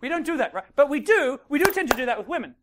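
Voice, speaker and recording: Against a noisy background, a dating coach with a very high, racing voice works a live seminar crowd. He's animated, plays out scenes, and often asks "right?" or "okay?" to check in.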